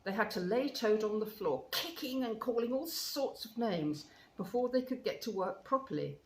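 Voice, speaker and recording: A woman reading a classic children's story aloud, with expressive, measured narration. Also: a little high. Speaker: storybook reader. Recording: roomy with faint hiss.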